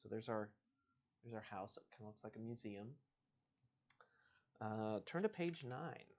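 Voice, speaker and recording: A man hosting a live stream, reading an adventure book aloud at an unhurried pace and stopping for casual asides. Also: on the low side, lively intonation, a little mellow. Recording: dull lo-fi stream audio.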